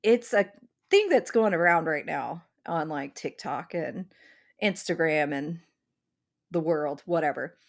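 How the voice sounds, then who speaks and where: A low-voiced woman, animated and a touch slow, co-hosts a podcast. She rambles through a long story in relaxed conversation, saying "like" again and again.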